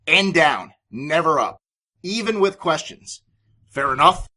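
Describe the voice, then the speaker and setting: A man's voice: on the high side, expressive, a little slow, sharp tone. A man hosting a business podcast, giving sales advice in an emphatic, authoritative way. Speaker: podcast host and sales coach.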